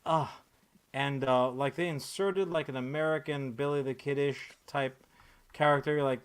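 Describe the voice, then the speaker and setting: A man in his thirties holds forth on a casual podcast, sarcastic and rambling, swearing freely and tripping over fillers and restarts. His voice sits a little higher than most men's. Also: moderate pace, soft background music. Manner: profane, rambling, sarcastic rant with many fillers. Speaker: podcast host. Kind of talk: casual comic-book podcast chat.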